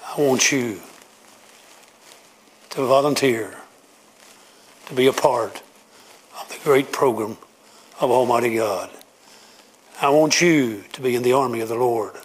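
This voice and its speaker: A man's voice: medium pitch, measured pace, long pauses, slight background noise. A man preaching a sermon, emphatic and repetitive as he pleads with his congregation.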